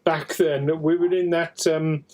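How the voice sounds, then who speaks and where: Slow-talking shifty outcast, as a game master puts him on, Black Country accent, always excusing himself. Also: male voice, on the high side, flat delivery, a little mellow, close to an everyday voice. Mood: defensive. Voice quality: broad regional drawl. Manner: offhand, self-excusing. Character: shifty expelled ex-cadet man, evasive.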